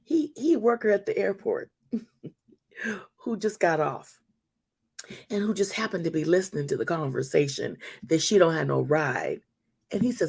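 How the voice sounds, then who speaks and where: Animated woman in her fifties testifying. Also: on the low side, a little slow, gravelly, long pauses, slightly rough. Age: 50s. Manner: lively, talks straight to the audience. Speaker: church speaker and show host.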